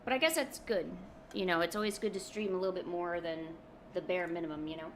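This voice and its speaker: A woman's voice: lowish voice, fast, slight background noise. A woman art streamer in casual live-stream chat, rambling and chatty, with many ums.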